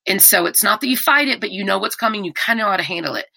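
A woman's voice: medium pitch, very fast, creaky, dry recording. A middle-aged woman, a podcast guest talking candidly and animatedly about hard personal things. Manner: candid, animated, many restarts. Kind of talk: emotional personal conversation.

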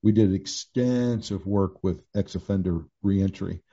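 A pastor and author in his sixties shares a candid personal testimony in casual conversation, with many restarts and fillers. He speaks a little slowly in a low-pitched, warm voice, and the recording sounds dull and lo-fi.

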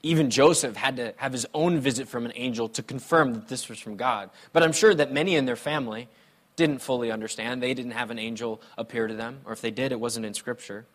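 A male pastor talks briskly in a mid-range voice, using personal stories throughout his sermon. His style is relaxed and conversational, animated, with playful humor.

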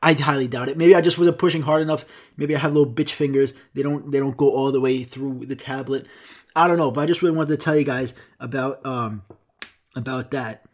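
A man's voice: medium pitch, steady tone, brisk. A young man with an American accent and a Greek-speaking childhood, telling rambling, profane stories to his viewers in a casual vlog. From United States. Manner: rambling, profane, self-mocking. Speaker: vlogger. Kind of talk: casual storytelling monologue.

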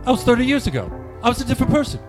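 A man's voice: extremely high pitch, sing-song, very fast, over music, pitched above the performer's own voice. A man voicing a smug, wealthy, famous middle-aged actor who brushes off his past with a breezy boast.

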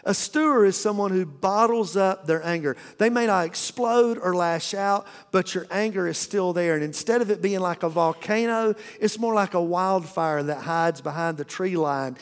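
High-voiced male pastor preaching in a hall. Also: normal speed, few pauses. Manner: folksy, humorous preaching with repeated restarts. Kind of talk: sermon. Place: church auditorium. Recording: long reverb of a church hall.

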